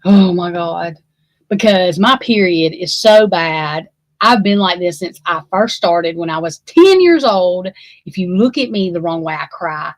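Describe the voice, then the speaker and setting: A woman's voice: fairly low pitch, animated, a little slow, no room sound, rough recording. A woman, chatting casually with her livestream viewers in a rambling, profane and emphatic way. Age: 40s. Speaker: livestream host.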